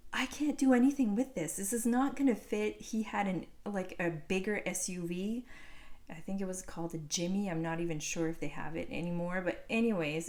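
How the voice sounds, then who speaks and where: A woman's voice: fairly low pitch, a little mellow. A woman in her forties, a knitting podcast host, telling a casual story into a phone, rambling with fillers and restarts.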